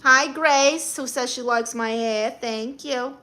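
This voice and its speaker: A woman's voice: high voice, slow pace, sharp tone. A middle-aged woman with a Brooklyn accent, hosting a live stream and reading chat comments aloud with blunt, sassy comebacks.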